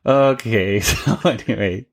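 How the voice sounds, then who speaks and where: A man's voice: on the low side, slow. Chatty male podcast host. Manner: chatty, laughs often, many restarts. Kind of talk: casual podcast chat.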